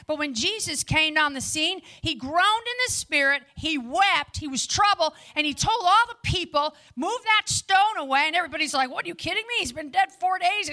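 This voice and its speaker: Woman preacher, very high and bright, energetic sermon delivery. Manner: energetic and lively, chatty asides to the audience. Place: before a live audience.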